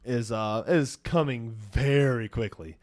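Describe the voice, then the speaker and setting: A man's voice: medium pitch, measured pace. A man hosting a podcast in casual chat, joking and saying he has been drinking. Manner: joking, lively interjections, says he is tipsy. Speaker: podcast host.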